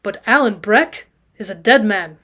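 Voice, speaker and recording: A woman reading the lines of a fierce, crafty Highland man in a loud, gruff voice. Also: animated, a little slow.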